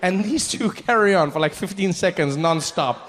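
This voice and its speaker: A male stand-up comedian telling a story on stage, animated and self-mocking, acting out every character. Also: high-pitched, moderate pace, big-room sound.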